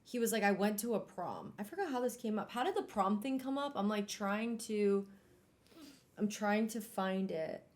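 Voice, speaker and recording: A young adult woman streamer reading a novel aloud and chatting about it in a casual, animated way, swearing casually and laughing often. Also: medium pitch, normal speed. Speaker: streamer hosting a book club.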